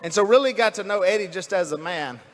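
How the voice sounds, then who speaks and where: A man's voice: sits high, fast talker, in a large hall. A man from North Louisiana with a Southern accent, giving a folksy, rambling speech to a rally crowd. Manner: folksy and rambling, with fillers and restarts. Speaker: rally speaker. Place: large indoor rally venue.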